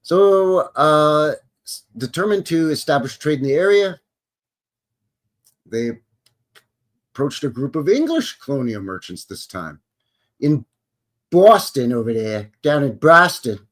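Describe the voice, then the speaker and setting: A man's voice: a little high, sing-song, a little slow, pauses often. A Canadian man hosting a live stream, reading history aloud with sarcastic, joking asides and greeting viewers. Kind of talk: casual commentary while reading aloud.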